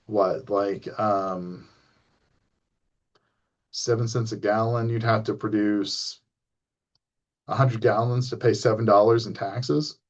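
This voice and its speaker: A man's voice: medium pitch, muffled recording. A man giving a recorded college history lecture in a loose, conversational way, full of ums and asking "right?" often. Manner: conversational, many ums and tag questions.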